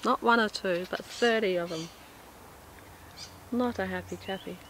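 Woman vlogger, chatty and fed up, outdoor camera audio with clear background noise and birds. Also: mid-range voice, measured pace, a bit bright, poor audio. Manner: chatty and exasperated, with coaxing remarks to a bird. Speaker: vlogger filming in a cemetery. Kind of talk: casual handheld vlog commentary. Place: outdoors in a cemetery. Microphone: handheld iPod camera.

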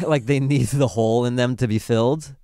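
A man's voice: medium pitch, moderate pace, a little mellow. A man guesting on a podcast as a comedian, telling stories in a laid-back way and acting out quotes. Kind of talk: casual podcast chat.

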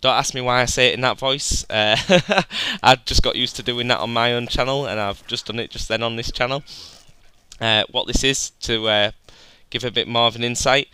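Male gaming host, bright and very clean-sounding, casual and chatty. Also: medium pitch, clean tone, dry recording. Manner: chatty, rambling, says "guys" often. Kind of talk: gameplay voice-over commentary.

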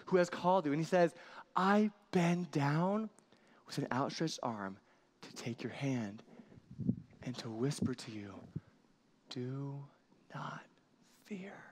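A man preaching a sermon in a church, lively and earnest, laughing often and restarting his sentences. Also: medium pitch. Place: church sanctuary.

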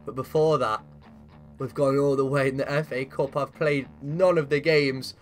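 A man giving lively, chatty commentary over a football video game, cheering and shouting at the big moments. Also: mid-range voice, moderate pace, faint music behind. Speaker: gaming commentator.

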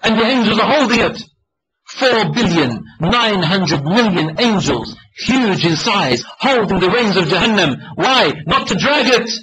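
A man's voice: high voice, lively intonation, a little slow, a bit bright, husky, low-quality recording. A male preacher telling a dramatic story in a sermon, emotional and acting out the voices. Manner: emotional, dramatic retelling with acted quotes.

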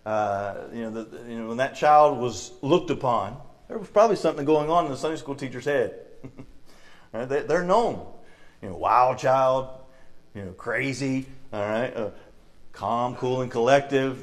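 A middle-aged man with a Southern US accent preaching a church sermon, telling stories from his childhood and acting out the people in them. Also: medium pitch. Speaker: lay preacher. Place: church sanctuary.

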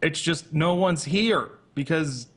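A man's voice: fairly high pitch, slow, fairly bright tone, husky. A man hosting a casual podcast on a voice call, rambling and hesitant, swearing casually. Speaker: podcast host. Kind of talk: casual chat. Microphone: computer mic on a voice call.

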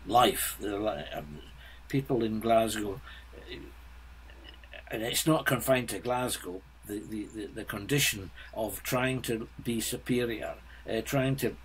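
Older man in his seventies, a guest, blunt and halting, slow and unhurried delivery. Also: on the low side, a little hiss or hum, low-quality recording. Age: 70s. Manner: halting, blunt, frequent restarts. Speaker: guest composer. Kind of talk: casual interview chat.

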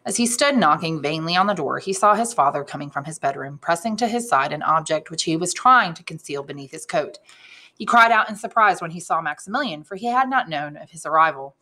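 Woman reading a novel aloud, bright clear tone, slightly low pitch, expressive character voices. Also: brisk. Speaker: English teacher reading aloud.

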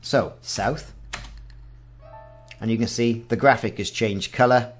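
A gaming channel host in his forties walks through a game at a slow, easy pace, reading its text aloud and tossing in wry comments. His voice sits in the mid range, with soft music playing in the background.

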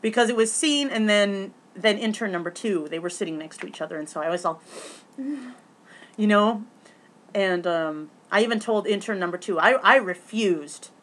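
Bright-voiced chatty woman vlogger. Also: mid-range voice, normal speed. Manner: chatty, excitable, many fillers and restarts. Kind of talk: rambling casual storytelling.

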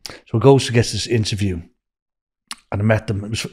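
A man's voice: on the low side, fairly even intonation, fairly quick, darkish tone, breathy edge. An older man with a Scouse accent from Liverpool, a guest telling rambling anecdotes and acting out what people said. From Liverpool, England. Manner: rambling anecdotes, acting out quoted dialogue, frequent "you know". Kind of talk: casual storytelling interview.

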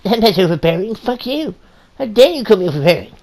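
A woman's voice: mid-range voice, sing-song, quick pace, darkish tone. A woman co-playing a story game, crude and teasing, laughing and swearing as she talks. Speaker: co-player voicing a ghost companion. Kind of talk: profane casual gameplay chat.

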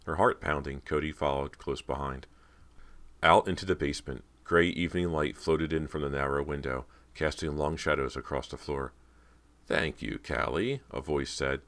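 A man narrating a horror audiobook in a steady, measured reading. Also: rumbling low.

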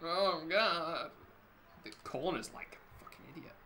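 A man's voice: a little high, animated, measured pace, a crowd in the background. A man playing a racing game, rambling, laughing often and swearing a lot. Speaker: gamer commentating his play. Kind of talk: casual gaming chat.

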